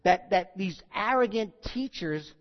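A man's voice: high voice, animated, a little slow, lo-fi sound. A man preaching a sermon, reading scripture with rising force and dropping into wry asides.

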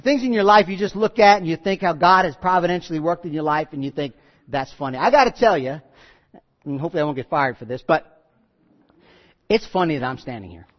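A man's voice: fairly high pitch, lively intonation, quick pace. A man preaching a sermon in a joking, conversational way, acting out the people he quotes. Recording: dull sound in a reverberant hall.

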